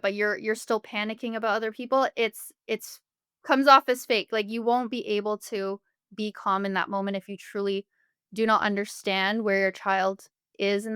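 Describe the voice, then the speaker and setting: A woman's voice: mid-range voice, a bit bright, smooth, no echo, studio quality. A woman speaking as a family therapist guest on a podcast interview, explaining earnestly with everyday examples.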